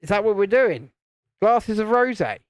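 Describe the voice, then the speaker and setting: A man's voice: very animated, moderate pace, clear, resonant tone, no room sound. A man from the UK casually chatting on a live stream while building LEGO, teasing his friends and reading out viewer comments. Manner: mimics friends in higher voices.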